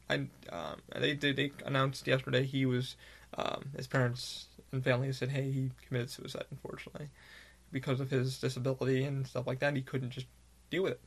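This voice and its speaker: A man's voice: mid-range voice, creaky. A man hosting his own podcast, talking in a candid, rambling monologue with heavy swearing. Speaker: podcast host. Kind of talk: casual monologue.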